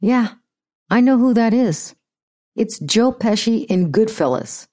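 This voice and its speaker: Blunt, mellow-voiced American woman. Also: a little high, lively intonation, takes it slowly. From United States. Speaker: podcast host. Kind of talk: casual commentary.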